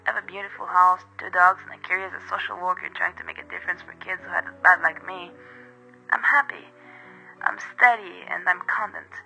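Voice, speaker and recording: A man narrating a first-person horror story in a measured, brooding way. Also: high-pitched, steady tone, gravelly, pushed and bright, faint music behind, poor audio.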